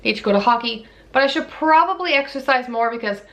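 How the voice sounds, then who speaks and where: A woman's voice: on the high side, lively intonation, quick pace, a bit bright. A young woman vlogging about her pregnancy in a chatty, candid way, a little out of breath as she talks. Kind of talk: casual pregnancy update vlog.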